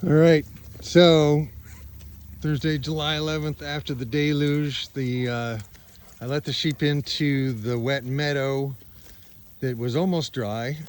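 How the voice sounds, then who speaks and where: A man's voice: on the high side, steady tone, slow pace. A man touring his wet farm meadow, chatting casually and playfully talking to his animals. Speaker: pastor and sheep farmer. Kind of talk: casual farm-tour vlog. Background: sheep bleating.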